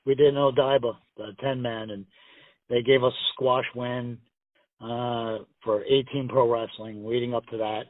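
A guest pro wrestler calls in to a casual storytelling interview, his medium-pitched, steady voice coming through a tinny, dry phone line with no room sound. At a moderate pace, he tells rambling, profane stories packed with acted-out quotes.

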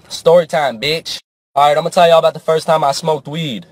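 Young male comedian, raised pitch, dry close sound, profane comic storytelling. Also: moderate pace, no room sound. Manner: animated, profane, swings into character voices.

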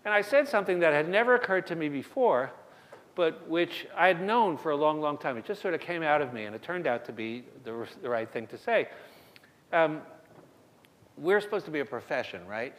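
Middle-aged guy giving a talk, kinda high voice, chatty, restarts a lot, echoey hall. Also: animated, fairly quick, a bit bright. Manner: conversational, self-deprecating, frequent restarts. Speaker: emergency medicine lecturer. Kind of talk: conference lecture with storytelling. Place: lecture hall. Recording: long reverb of a lecture hall.

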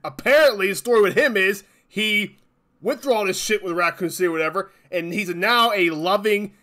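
A man with a high, bright voice rants as the host of his own channel. He swears constantly and hammers each point with exasperated emphasis. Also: a little fast. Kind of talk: angry ranting commentary.

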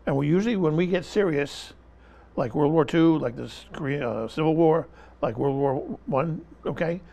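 A man with a fairly high, gravelly voice speaks as an interview guest. He delivers impassioned political commentary and hammers the same point again and again. He keeps talking through interruptions. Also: moderate pace, mellow. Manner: emphatic, repeats his point, talks over interruptions.

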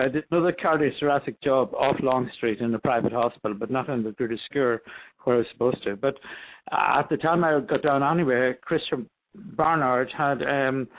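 A man's voice: medium pitch, narrow, tinny audio. A man with a Northern Irish accent mixed with other accents, a doctor chatting in an interview, rambling with many restarts. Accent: Northern Irish, with a mixed international tint. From Northern Ireland. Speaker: doctor guest. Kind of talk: casual phone interview.

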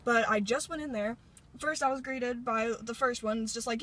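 A woman's voice: a little high, steady tone, fairly quick, a bit bright, slight background noise. Bubbly teen girl vlogging from her car. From Indiana, US. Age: late teens. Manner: rambling, bubbly, lots of filler words. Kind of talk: casual chatty vlog. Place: inside a parked car. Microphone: phone held at arm's length.

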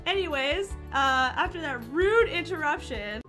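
A woman streaming games in casual chat, excitable and exclaiming often, on a desk microphone. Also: high voice, measured pace, soft background music. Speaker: game streamer. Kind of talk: casual gaming livestream chat.

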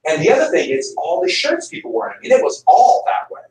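A middle-aged American man lectures a history class with a high, expressive voice that rises and falls as he jokes and tells stories. He is caught from across a roomy classroom, so his voice sounds distant and echoey. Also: fast, gravelly. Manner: animated, jokey storyteller with laughs. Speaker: history teacher.

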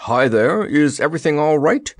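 A man's voice: on the high side, animated, normal speed, dry recording, studio quality, pitched above the performer's own voice. A man voicing a timid, nervous soldier in a storybook reading, curt and jumpy.

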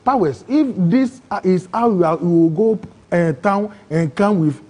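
A man with a Ghanaian English accent, telling his own story in an interview, excitable and acting out other people's words. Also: high-pitched, measured pace, husky. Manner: excitable, acts out quoted voices, broken phrasing. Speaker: interview guest. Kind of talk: emotional personal storytelling.

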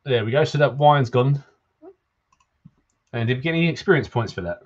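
A man co-hosting a game playthrough in relaxed casual chat, guiding his partner along. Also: mid-range voice, fairly quick. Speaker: co-host playing a video game. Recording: dull lo-fi recording.

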